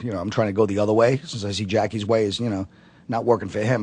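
A comedian from Brooklyn telling stories in a casual interview, rambling with many fillers. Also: male voice, fairly low pitch, racing, a little mellow, breathy edge, no room sound. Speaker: comedian guest.

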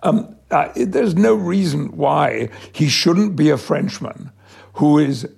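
Older English actor, gravelly and husky, unhurried anecdotes with light chuckles. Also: male voice, on the high side, darkish tone. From Yorkshire, England. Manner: measured, reflective anecdotes with frequent chuckles. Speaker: actor, interview guest. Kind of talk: interview storytelling.

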